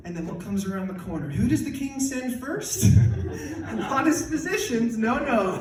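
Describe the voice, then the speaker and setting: A man in his thirties from Canada doing stand-up comedy on a club stage, excitable and animated, often bursting into shouts. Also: very high-pitched, measured pace, pauses often, loud music behind the voice. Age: 30s. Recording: echoey club from far off, loud crowd laughter. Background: audience laughter.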